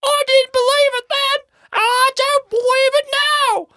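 A tiny, cranky ghost miner squawks his demands in a piercing, very high voice, put on by a woman. The sound is dry and close, with no room echo. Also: steady tone, a little slow, exaggerated voice. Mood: grumpy. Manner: shrill shouty demands. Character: grumpy little male ghost miner dwarf.

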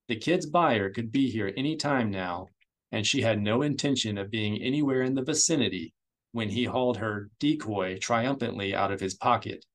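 A man narrating a science-fiction novella as an audiobook reader, in a steady, measured storytelling way. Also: on the low side. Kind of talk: scripted narration.

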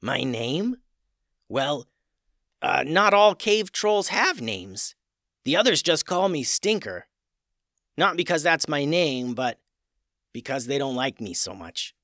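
A man's voice: a little high, sing-song, slow pace, long pauses, no room sound, clean studio sound, exaggerated voice. A man voicing a shy, kind young male cave troll who talks hesitantly, in a storybook reading. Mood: timid, gentle. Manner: hesitant, gentle, with filler sounds.

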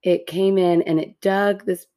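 A woman co-hosting a casual chat, telling a story in a lively, self-deprecating way and laughing often. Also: on the low side, measured pace. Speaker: podcast co-host.

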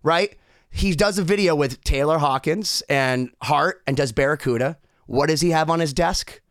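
A man from Boston, a co-host, excitedly telling stories in casual chat and acting out what people said. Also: fairly high pitch, moderate pace, dry recording, clean studio sound. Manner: excited storyteller, acts out quotes.

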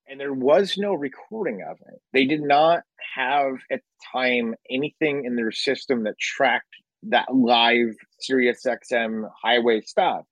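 A man recounts a story in an animated, chatty way, acting out each quote and swearing casually. His voice sits at a middle pitch. The sound is close and dry, with no room echo. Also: normal speed. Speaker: radio host telling a story.

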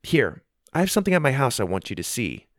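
A man's voice: mid-range voice, big pitch swings, quick pace, no room sound, studio quality, pitched above the performer's own voice, natural voice. A man voicing an earnest young girl who is fed up with mean friends, in a read-aloud story. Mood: eager. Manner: earnest, heated outbursts. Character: girl new in town, fed up and sincere.

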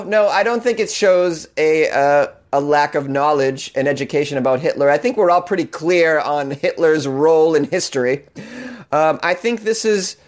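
A man with a Boston accent hosting a comedy news show, riffing with sarcasm and mock outrage and laughing at his own jokes. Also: on the high side. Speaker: comedian podcast host.

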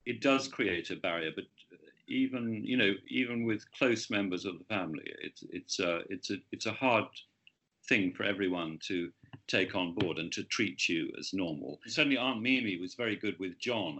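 A man's voice: deep voice, normal speed, bright, forceful tone. A man, an author, talking about his book in an interview, hesitant with many restarts.

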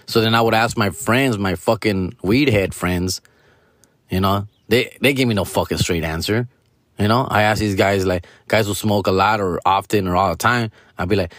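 A man's voice: lowish voice, moderate pace, a bit bright, dry recording, clean studio sound. A man hosting his own comedy podcast, telling a rambling, profane story and calling his listeners fool and bro. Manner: loose, rambling, heavy swearing, calls listeners fool and bro. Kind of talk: casual profane storytelling monologue.

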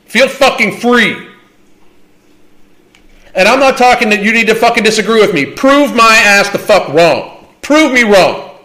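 A man's voice: high-pitched, expressive, a little slow, long pauses, sharp tone. A man hosting a livestream Q&A, talking in a blunt, profane and combative way. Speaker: livestream host. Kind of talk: livestream Q&A rant.

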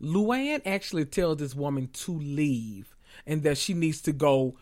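Animated, profane podcast host man. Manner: animated, loud and profane, with sudden high squeals and drawn-out exclamations. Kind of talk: casual reality TV recap.

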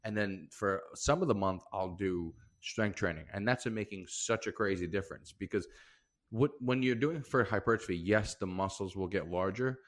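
A man's voice: lowish voice, moderate pace. A young man co-hosting a comedy podcast, telling stories in a loose, profane, laughing way. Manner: profane, animated storyteller, laughs often. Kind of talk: casual podcast chat.

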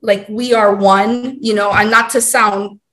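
A woman's voice: mid-range voice, fairly even intonation, measured pace, a crowd in the background. A woman from Hawaii, a podcast guest, telling a personal story in an earnest, heartfelt way.

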